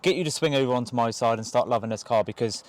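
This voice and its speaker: A young man talks quickly and excitedly, tumbling through casual slang as he shows off a car. He sits inside the car, speaking to a camera that someone else holds. His pitch sits in a middling range. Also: no room sound. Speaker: car vlogger. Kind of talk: excited car review vlog. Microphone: camera held by someone else.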